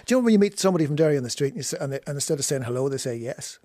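A man's voice: fairly high pitch, lively intonation, very fast, mellow, dry recording, clean studio sound. A man hosting an interview, teasing his guest and prompting her with questions. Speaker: host. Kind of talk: casual interview chat.

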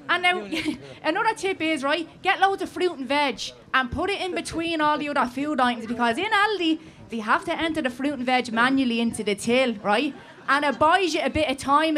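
A woman's voice: sits high, a bit bright. A woman with a Dublin accent delivering a punchy comic monologue, tagging her lines with "right?". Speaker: comedian guest. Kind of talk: comic monologue on live radio.

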